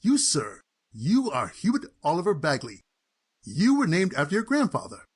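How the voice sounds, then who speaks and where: A man's voice: fairly high pitch, wildly swooping pitch, moderate pace, slightly rough, heavily acted. A man voicing a stuffy, pompous male lawyer who reads a will in a formal, mock-polite way. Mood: solemn. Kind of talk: cartoon voice acting.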